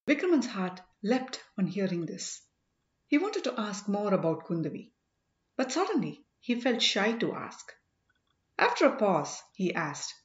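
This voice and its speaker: Woman reading a storybook with lively pitch. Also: measured pace. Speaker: audiobook narrator. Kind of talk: scripted narration. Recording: roomy, dull lo-fi recording.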